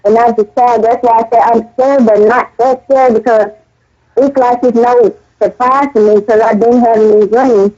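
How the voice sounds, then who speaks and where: A woman's voice: fairly high pitch, steady tone, moderate pace, warm tone. A woman earnestly recounting her dreams in casual, rambling speech full of restarts. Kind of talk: casual spoken testimony. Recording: dull lo-fi audio.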